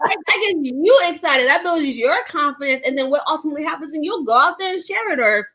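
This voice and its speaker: A woman's voice: high-pitched, lively intonation, quick pace, sharp tone. A woman from the Bronx, a business coach, talking emphatically in an online workshop, laughing often and tagging lines with "right?". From the Bronx, New York. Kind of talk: energetic online workshop chat.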